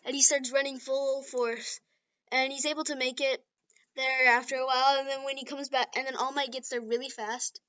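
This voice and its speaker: Give me a bright-toned woman rambling through a casual fan story, dull lo-fi recording. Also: high voice, little pitch movement, normal speed, smooth. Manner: rambling, giggly, filler-heavy.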